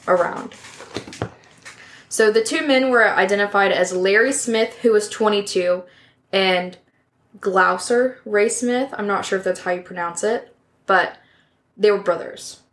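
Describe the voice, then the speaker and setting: Brief woman host, mid-pitched, relaxed true-crime storyteller working from notes. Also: slow pace, pauses often. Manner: reads from notes with casual asides and self-corrections. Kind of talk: casual narration of a case.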